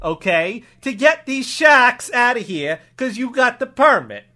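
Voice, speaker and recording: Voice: mid-range voice, sing-song, a little slow, pushed and bright, voice pushed up. A performer improvising a bumbling small-town cop with a put-on Texas drawl, rambling and stammering. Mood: blustering. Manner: rambling, stammering, repeating "all right". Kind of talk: improv comedy scene.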